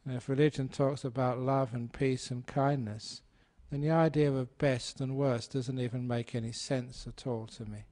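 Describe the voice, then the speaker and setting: A man's voice: mid-range voice, steady tone, normal speed, hardly any pauses, mellow. A man, a Buddhist monk, giving a humorous dharma talk and telling a story. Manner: storytelling, playful, does animal sounds.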